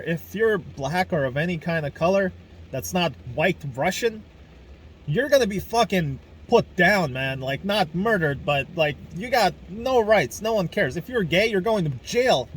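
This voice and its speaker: A man's voice: high voice, slight background noise. A young man from Ukraine hosting a casual video podcast, ranting angrily with lots of swearing and fillers. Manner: angry, profane ranting with fillers. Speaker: podcast host.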